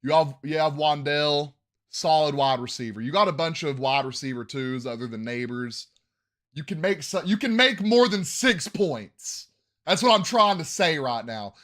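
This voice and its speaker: A man hosting a casual sports podcast, ranting in bursts of loud hype and dropping to muttered asides, coughing when he yells. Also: a little high, moderate pace. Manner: animated, swings between yelling hype and muttering asides. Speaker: podcast host.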